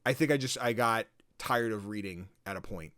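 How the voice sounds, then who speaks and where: Animated man acting out voices. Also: fairly low pitch, moderate pace, clean tone, no echo, clean studio sound. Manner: animated, acts out voices, swears casually. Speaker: podcast host. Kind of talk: casual chat.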